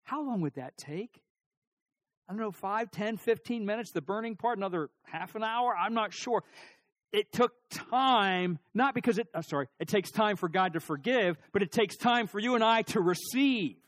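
A middle-aged man preaching a sermon, telling stories with lively emphasis, asking the congregation questions, and dropping to a near-whisper for serious points. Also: high voice, normal speed, no room sound. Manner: animated storytelling, rising emphasis and sudden drops to near-whisper. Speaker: pastor.

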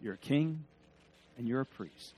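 A male preacher delivers a sermon, swinging between loud emphasis and hushed asides as he leads the congregation in call-and-response. His husky, medium-pitched voice is expressive and unhurried.

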